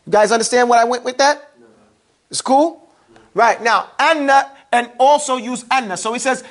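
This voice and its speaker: A grammar teacher with a high-pitched, fairly bright voice leads a casual lesson, constantly questioning students and checking they follow. She drawls out terms slowly to drill them in.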